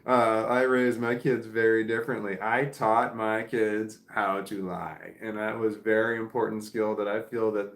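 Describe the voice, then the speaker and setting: A middle-aged man chatting casually with live viewers, rambling, restarting sentences and swearing offhand. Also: on the low side. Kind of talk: casual live chat, reading comments. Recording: roomy echo.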